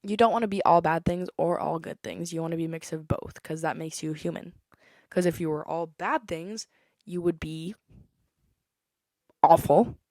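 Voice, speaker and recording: A woman's voice: low voice, moderate pace, a little mellow, dry recording, studio quality. A young woman, possibly a teenager, hosting a casual solo podcast, chatty and opinionated, sometimes breaking into song. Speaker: podcast host.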